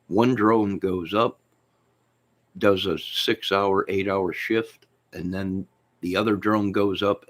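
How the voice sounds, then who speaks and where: Low-voiced rambling joking man. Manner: jokey, rambling, sudden loud outbursts. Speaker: channel host. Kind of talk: rambling joking livestream chat.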